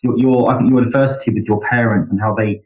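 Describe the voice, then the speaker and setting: Deep-voiced enthusiastic male host. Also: fairly even intonation, rough recording. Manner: enthusiastic, affirming, halting restarts. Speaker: podcast host. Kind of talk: interview conversation.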